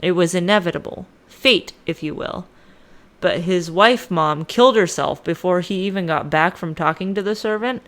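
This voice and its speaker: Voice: mid-range voice, normal speed, fairly bright tone. A podcast host casually retelling a myth with lots of swearing and modern slang. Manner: profane, slangy, irreverent.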